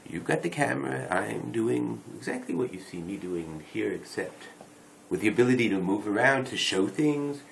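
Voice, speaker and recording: A man's voice: lowish voice, animated, normal speed, vocal fry, slight background noise, rough recording. A man talking to his viewers in a rambling, wry, self-correcting late-night monologue on a dedicated microphone. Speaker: video blogger. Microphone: dedicated microphone rather than phone.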